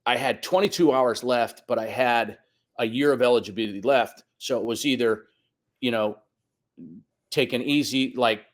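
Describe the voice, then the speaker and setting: A man in his fifties tells a long personal story in a relaxed, chatty way. He slips into the voices of the people he quotes and keeps the telling lively. His voice sits at an ordinary middle pitch. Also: moderate pace. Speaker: guest soccer coach. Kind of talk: casual storytelling interview.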